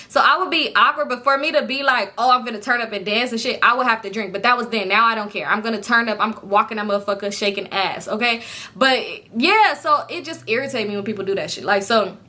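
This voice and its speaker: A young woman, casually telling a storytime to her viewers and acting out her friends' lines. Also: a little high. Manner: animated, acts out friends' lines with profanity. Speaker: storytime vlogger.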